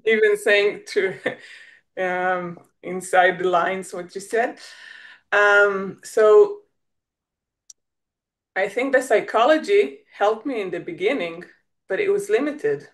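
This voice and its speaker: A woman with an Israeli accent speaks English as a second language in a reflective conversation. She often restarts her sentences and searches for words. Her voice sits in an ordinary middle register. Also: medium pitch. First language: Hebrew. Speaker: guest.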